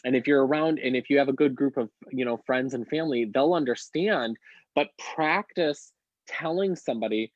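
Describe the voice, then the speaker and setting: A man's voice: medium pitch, normal speed. A man talks earnestly to podcast listeners, often restarting his sentences. His voice sits in the middle range and sounds dry and slightly dull, with no room echo. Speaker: podcast co-host. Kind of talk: casual podcast conversation.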